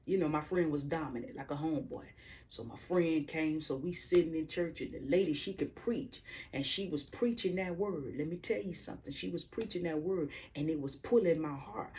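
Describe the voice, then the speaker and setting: Low-voiced woman telling her testimony. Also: normal speed, darkish tone, far from the mic. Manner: candid, slangy, addresses viewers directly. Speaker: vlogger sharing a faith testimony. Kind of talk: personal testimony storytelling.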